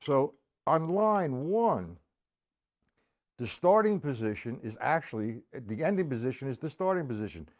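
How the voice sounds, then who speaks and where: A man's voice: mid-range voice, very animated, moderate pace, a little mellow. A middle-aged man teaching a live-streamed drum lesson, patiently explaining and counting aloud as he plays.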